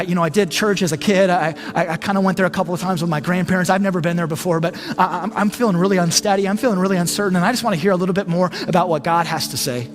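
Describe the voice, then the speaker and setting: Earnest high-voiced man preaching over music. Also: in a large hall. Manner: earnest, halting with frequent repeated words. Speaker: pastor. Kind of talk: sermon with closing prayer.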